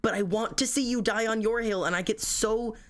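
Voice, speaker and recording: A man's voice: high-pitched, a little fast, a bit bright. Man, livestreamer, casual rant, heavy swearing, rambling, self-critical. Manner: self-critical, venting to chat. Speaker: livestreamer reading chat.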